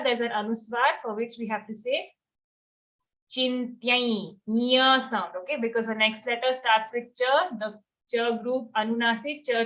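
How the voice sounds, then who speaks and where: A woman teaching the chanting of Sanskrit verses in an online lesson. She chants each line slowly, then explains the pronunciation rules quickly and patiently. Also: a little high, a bit bright.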